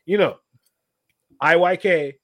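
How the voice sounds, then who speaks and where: A man's voice: a little high, slow pace, a bit bright. A man in casual chat, telling slangy stories animatedly and breaking into laughter often.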